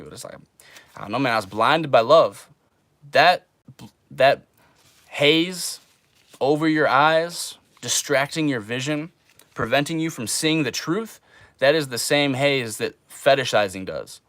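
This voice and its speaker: A man's voice: medium pitch, unhurried, fairly bright tone, no echo. A young man chatting casually on a livestream, laid-back and drawling, calling people man and bro.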